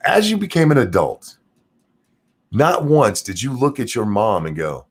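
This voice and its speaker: A man's voice: big pitch swings, normal speed, slightly rough. A man hosting a live stream, ranting and mocking in casual, profane commentary. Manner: profane, mocking rant with sudden pitch jumps. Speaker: streamer and show host.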